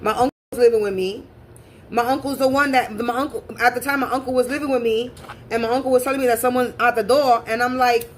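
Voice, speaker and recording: A woman with a somewhat high voice tells a story from her own life in a casual, unscripted way. She is blunt and curses freely, and she circles back over the same points to hammer them home. Faint background noise sits under her voice. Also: fairly even intonation, fairly quick. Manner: blunt and profane, repeats herself for emphasis. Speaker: spiritual reader and channel host.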